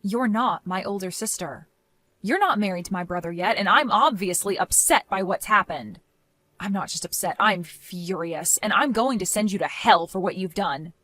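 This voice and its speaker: A young woman narrating her own story and playing its lead, speaking in a cold, firm and measured way as scripted story voice acting. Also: medium pitch, bright, forceful tone, dry recording. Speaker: narrator and main character.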